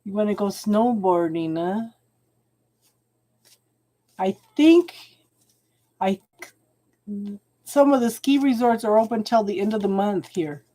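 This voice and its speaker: This tarot reader, a woman, reads cards live and chats with viewers, warmly calling them hon and growing tearful and emotional over what she draws. Her medium-pitched voice is expressive and slow, with frequent pauses.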